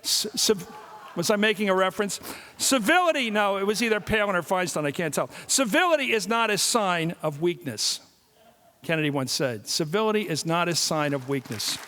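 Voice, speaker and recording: A man in his sixties giving a public lecture, telling stories and jokes in an animated way. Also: high voice, normal speed, a little hiss or hum. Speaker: guest speaker. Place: large hall. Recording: long reverb of a large hall.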